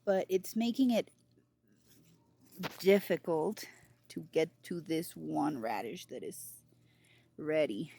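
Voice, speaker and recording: A woman's voice: sits low, slow, gravelly, long pauses, slight background noise. A woman giving a casual garden tour in her vlog, giddy and giggly, outdoors in her home garden. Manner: giddy, giggly, over-excited. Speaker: gardening vlogger.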